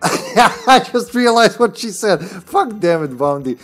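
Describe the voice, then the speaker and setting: A man's voice: high voice, sing-song, slow, a bit bright. A man streaming a game and chatting casually, joking, swearing and laughing often. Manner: jokey, swears freely, laughs a lot. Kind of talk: casual chat while gaming. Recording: faint music behind. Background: faint game music.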